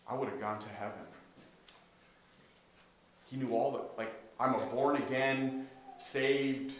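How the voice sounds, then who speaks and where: In an echoey room with a faint hum of noise, a preacher gives a conversational sermon at a slow pace. His voice is medium in pitch and steady in tone, and he tells stories, voices the dialogue himself and asks the audience questions.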